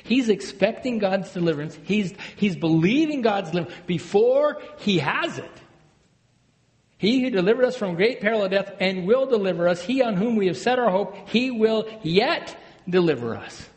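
A man's voice: animated, normal speed. Preaching man in an echoing hall. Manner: swings from loud emphatic bursts to hushed low phrases. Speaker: pastor. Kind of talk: sermon. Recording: long hall reverb.

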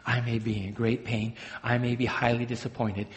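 A man preaching a sermon as a pastor, swinging between loud emphatic bursts and hushed, low phrases. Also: level tone, moderate pace. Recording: long hall reverb.

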